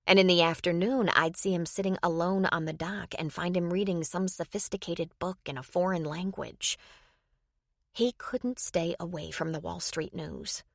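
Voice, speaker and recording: A woman narrating a romance audiobook in an even storytelling read. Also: fairly low pitch, moderate pace, no room sound, studio quality. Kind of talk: scripted narration.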